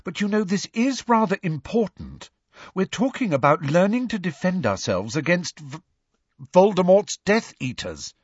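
A man voicing a brisk, bossy teenage schoolgirl. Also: high-pitched, very animated, breathy edge, no echo, pitched above the performer's own voice, full character voice. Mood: insistent. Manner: brisk, insistent, impatient. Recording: dry, slightly dull recording.

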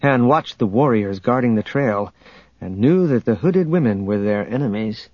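A man narrating an adventure audiobook in a steady, measured storytelling manner, on a dull lo-fi recording. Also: mid-range voice, no room sound. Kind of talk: scripted narration.

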